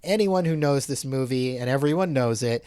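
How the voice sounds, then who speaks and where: Excited man in his forties recapping a film. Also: medium pitch, normal speed, clear, resonant tone, no room sound, clean studio sound. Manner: animated, enthusiastic storytelling. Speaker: co-host of film review show. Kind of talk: casual film discussion.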